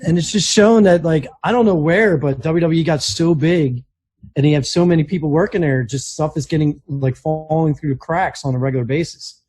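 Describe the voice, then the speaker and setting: A man co-hosting a casual podcast chat, telling stories in a rambling, animated way with many restarts. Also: a little high, brisk, breathy edge. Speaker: podcast co-host.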